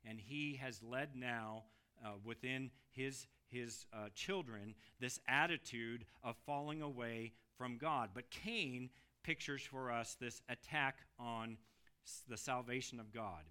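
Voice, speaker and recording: A man preaching a sermon emphatically, dropping to hushed lines and rising to loud exclamations. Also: medium pitch, slow pace, smooth.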